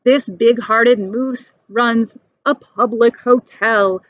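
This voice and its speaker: Woman doing a high storybook woodpecker, bossy, loud, eager, dull dry recording. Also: fairly even intonation, slow pace, dry recording. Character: bossy cheerful woodpecker, male.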